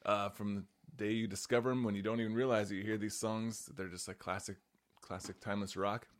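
Deep-voiced dude co-hosting a podcast, laid back, kinda mumbles off at the ends. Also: male voice, little pitch movement, fairly quick. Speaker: podcast co-host. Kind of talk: casual chat.

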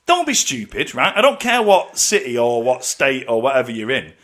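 Lively British man, casual podcast chat. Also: medium pitch, normal speed. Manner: chatty, lively, many restarts. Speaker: podcast co-host.

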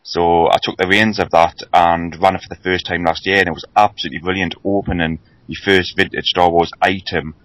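A man with a very deep voice chats on a podcast, pausing with ums as he goes. The sound is dry and close. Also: flat delivery, fairly bright tone, dry recording, poor audio. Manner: chatty, hesitant with ums. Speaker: podcast co-host. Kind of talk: casual podcast chat.

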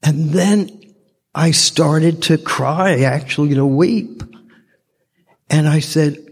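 Slow-spoken older man in a reverberant hall. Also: fairly high pitch, breathy edge. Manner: slow, heartfelt storytelling. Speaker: speaker at a recovery fellowship meeting. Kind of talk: personal testimony talk. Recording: long reverb from a large hall.

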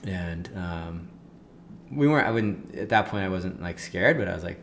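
A man's voice: sits low, normal speed, gravelly, slight background noise. Rambling surfer man telling a story. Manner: filler-heavy, animated when quoting others. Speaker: guest. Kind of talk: casual storytelling.

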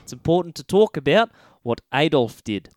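A man co-hosting a casual film review podcast, throwing in joking, deadpan asides. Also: a little high, normal speed, no room sound, clean studio sound. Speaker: podcast co-host.

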